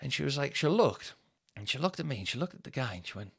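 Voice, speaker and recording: A man's voice: medium pitch, big pitch swings, quick pace, creaky, a bit bright, breathy edge. A man, hosting a comedy podcast and telling a self-mocking story in a casual, anecdotal way, swearing freely. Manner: swears freely, mocks himself.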